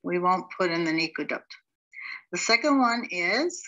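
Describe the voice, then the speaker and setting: A middle-aged woman teaching a beginners' language class, sounding out each word syllable by syllable in a steady, instructional way. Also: fairly low pitch, moderate pace, dull audio. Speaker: Hebrew teacher.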